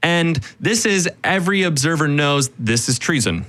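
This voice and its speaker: A man co-hosting a casual history podcast, telling the story in an animated way with quick quoted asides and frequent "right?". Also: on the high side. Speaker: podcast co-host.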